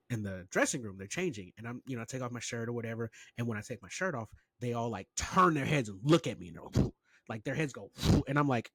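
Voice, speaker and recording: A man co-hosting a podcast, telling a story in casual chat, animated and quick to swear. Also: mid-range voice, slightly rough, no echo, clean studio sound. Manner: animated, swears freely, slips into mocking quoted voices. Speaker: podcast co-host.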